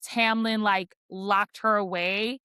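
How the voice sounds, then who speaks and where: A woman's voice: mid-range voice, steady tone, takes it slowly, pushed and bright, smooth, dry recording. A woman on a book podcast giving a casual, chatty chapter recap, full of "like" fillers and playful teasing. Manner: chatty, heavy use of "like" as filler; playful, teasing about spicy scenes.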